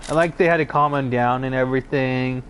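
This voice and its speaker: The channel host here is a young man sharing his own stories in a loose, hesitant way, packed with fillers and restarts. He talks briskly in a mid-range voice with fairly even intonation over slight background noise.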